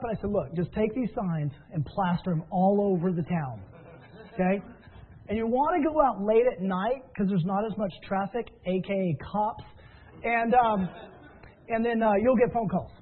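A fairly high-voiced man tells stories and coaches his listeners in an upbeat, encouraging way. His voice comes through a thin, tinny phone line. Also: breathy edge. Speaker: business trainer. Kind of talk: motivational training talk.

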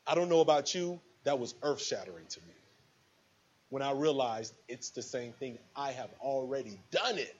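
A man's voice: mid-range voice, animated, moderate pace, dull audio. A man giving a preachy motivational speech to a live audience, acting out little scenes with quoted voices. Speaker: motivational speaker at a business event.

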